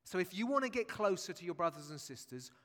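A man's voice: sits high, sing-song, fast talker, fairly bright tone. A man preaching a sermon in a church, chatty and jokey, with asides to the congregation. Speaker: pastor. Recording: long church reverb.

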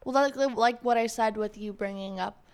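A woman hosting a podcast in a casual chat, rambling and animated with many fillers. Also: fairly high pitch, fairly quick, clear, resonant tone. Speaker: podcast host.

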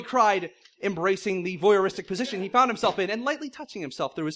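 High-pitched guy reading dumb fan fiction out loud, fake serious, keeps cracking up. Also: fast talker. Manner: mock-serious narration, breaking into laughter. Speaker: comedic reader.

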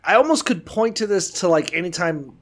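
A man's voice: sits high, expressive, a little fast, a bit bright. A man co-hosting a podcast in a casual, rambling way, profane and sarcastic. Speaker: podcast co-host. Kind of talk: casual chat.

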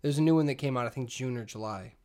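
A man in his thirties co-hosting a podcast, relaxed and chuckling, his voice often dropping off quietly at the ends of thoughts. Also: medium pitch, quick pace. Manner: laid-back, trails off quietly, laughs often. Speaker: podcast co-host. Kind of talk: casual chat.

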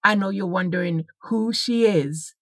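A woman's voice: medium pitch, a little slow, no echo. A middle-aged woman with a Jamaican accent hosting a podcast, chatting personally and reading a story aloud, often repeating her words as she goes. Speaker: podcast host. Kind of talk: casual podcast monologue with a read-aloud story.

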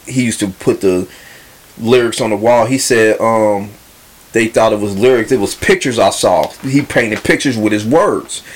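A man co-hosting a casual hip hop podcast, rambling a little with fillers and restarts. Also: on the low side. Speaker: podcast co-host.

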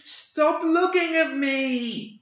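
A man voicing a frightened small boy with wild magic, in a shrill, whiny tone, as a storybook reader. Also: big pitch swings, slow, sharp tone, echoey room, dull audio, full character voice. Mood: shrieking.

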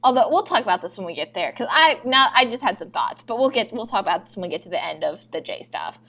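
A woman's voice: mid-range voice, very animated, fast, bright, forceful tone. A young woman co-hosting a podcast, animatedly retelling TV scenes with quoted dialogue and frequent swearing. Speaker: podcast co-host recapping episodes. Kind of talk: casual chat.

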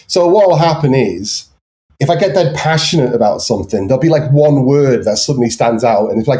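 A man's voice: mid-range voice, expressive, a little fast, dark tone. Hesitant man with anglicized North Welsh accent. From Wales. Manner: hesitant, many ums and restarts. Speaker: guest artist. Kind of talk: casual chat.

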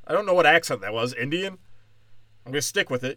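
A man's voice: medium pitch, animated, quick pace, sharp tone, no echo. A man doing a sarcastic, rambling, profane stand-up comedy rant.

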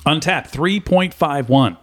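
A man's voice: on the high side, slow, a bit bright. A man hosting a casual beer-tasting chat in a bar, easygoing and laughing, with many fillers. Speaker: podcast host. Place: bar with a small live audience.

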